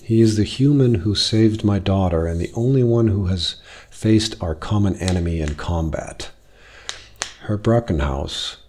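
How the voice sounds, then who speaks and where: A man reading the lines of a formal, commanding wealthy father who speaks stiffly and in measured phrases. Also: low voice, a little mellow.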